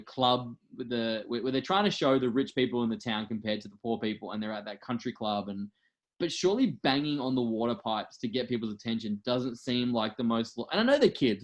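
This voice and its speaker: A man co-hosting a casual film review podcast, rambling with many fillers and restarts. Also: medium pitch. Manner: rambling, animated, frequent fillers and self-corrections. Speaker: podcast co-host.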